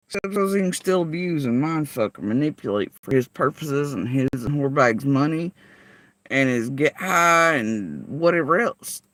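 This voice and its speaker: A woman's voice: extremely low pitch, no echo. A woman vlogger rants to her livestream chat. She is heated and profane, and she keeps firing confrontational rhetorical questions at her viewers. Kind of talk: livestream rant addressing chat.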